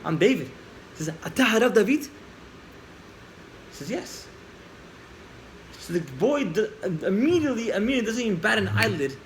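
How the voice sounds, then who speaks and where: A man teaching a class, telling a story with lively acted-out dialogue and questions to the listeners. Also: high-pitched, fairly quick, long pauses, a little hiss or hum, rough recording.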